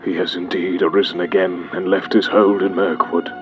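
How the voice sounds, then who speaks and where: Cast a man as an old audiobook wizard: low, unhurried, grave and hushed, over loud music. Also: little pitch movement, muffled recording, close to an everyday voice. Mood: solemn. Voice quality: deep, solemn. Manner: slow, measured, dropping to a hush. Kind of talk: audiobook character reading. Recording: loud music bed behind voice.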